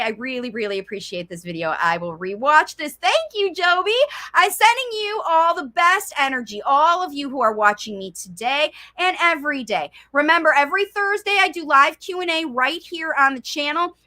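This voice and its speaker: A woman speech coach answering viewer questions in a live Q and A, talking directly to parents. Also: high-pitched. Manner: animated, acts out child's voice. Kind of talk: live Q and A chat.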